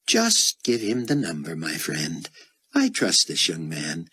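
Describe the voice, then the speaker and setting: A man voicing a powerful male leader who speaks in a calm, reassuring, formal way. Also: low-pitched, takes it slowly, husky, exaggerated voice.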